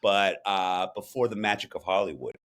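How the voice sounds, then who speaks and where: A man's voice: low-pitched, moderate pace, fairly bright tone. A man co-hosting a comedy show, chatting in a rambling way with wry asides. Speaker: co-host. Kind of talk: casual comedic chat.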